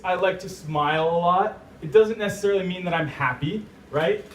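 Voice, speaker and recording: Brief: high-voiced American man, chatty and joking, heard from a distance in an echoey hall. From United States. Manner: laughs often, chatty and joking. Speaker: guest speaker. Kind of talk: live talk to an audience. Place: event hall. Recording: echoey room, distant mic, faint noise.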